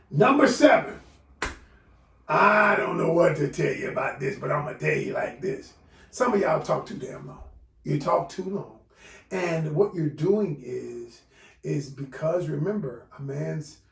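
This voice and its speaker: Guy coaching, high gravelly voice, kinda far from the mic in an echoey room. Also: unhurried. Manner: animated, preachy, addresses viewers as y'all. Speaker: relationship coach. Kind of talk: video course lesson. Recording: roomy echo, voice off-mic.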